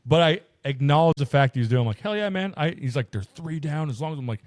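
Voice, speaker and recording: A man's voice: mid-range voice, fast talker, no echo, studio quality. A man co-hosting a podcast, casually telling stories full of swearing and acted-out quotes. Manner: profane, animated storytelling with voiced quotes. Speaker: podcast co-host. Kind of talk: casual chat.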